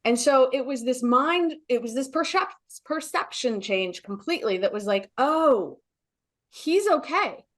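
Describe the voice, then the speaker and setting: A woman's voice: a little high, lively intonation, normal speed, few pauses, a bit bright. A middle-aged woman, a guest on a podcast, telling a personal story in an earnest, emotional way, often restarting and saying "like, you know".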